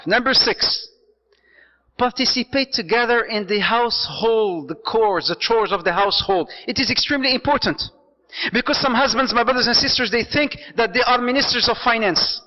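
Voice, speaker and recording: Male preacher, animated and jokey, high voice, dull recording in an echoey hall. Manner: animated, jokey, mixes in Arabic phrases. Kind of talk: lecture on marriage to an audience.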